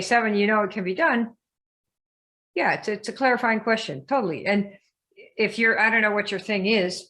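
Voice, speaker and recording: A woman coaching a group in a lively live session, often asking her listeners questions and acting out the voices she quotes. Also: medium pitch. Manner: emphatic, asks the audience questions, acts out quoted voices. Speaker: business coach.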